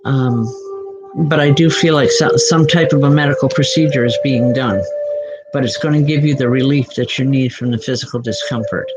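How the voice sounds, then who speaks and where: A woman working as a psychic medium, giving live spirit readings in a reassuring way, often breaking into soft laughter. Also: extremely low pitch, moderate pace, over loud music, poor audio.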